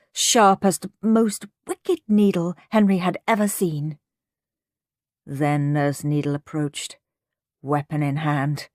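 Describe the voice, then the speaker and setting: A woman narrating a children's storybook aloud in an expressive way, close to a studio mic. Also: on the low side, dry recording. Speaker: audiobook narrator.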